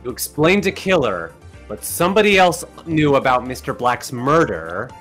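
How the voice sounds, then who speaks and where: A man's voice: medium pitch, very animated, moderate pace, a bit bright, soft background music. A man reading the part of a determined young male defense attorney in a game, resolute and pressing. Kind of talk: reading a game script aloud.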